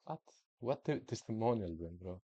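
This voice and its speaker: A man's voice: on the low side, lively intonation, normal speed, creaky, dark tone, no echo, lo-fi sound. A man giving casual, hyped commentary while streaming a football management game, with playful, slangy trash talk. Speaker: gaming streamer.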